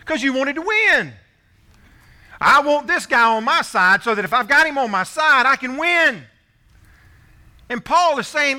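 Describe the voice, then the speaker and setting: A male pastor preaching a sermon, driving points home with punchy repeated phrases and dropping to quiet asides to the congregation. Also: expressive, a little slow, pauses often. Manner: emphatic preaching with rising, punchy repetitions; drops to a soft, low voice for asides to the congregation.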